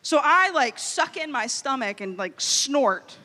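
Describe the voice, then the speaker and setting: A woman in her thirties from Louisiana, telling a funny story as a youth conference speaker, animated and playful. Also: high-pitched, a little slow. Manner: animated, comic storytelling with quoted inner voices. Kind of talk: storytelling keynote talk. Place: large hall. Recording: long hall reverb.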